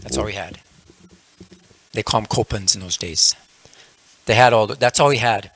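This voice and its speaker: A man's voice: fairly low pitch, normal speed, fairly bright tone, slightly rough. A man leading a religious class, telling a parable casually, with frequent "you know" fillers. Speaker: lecturer in a temple class.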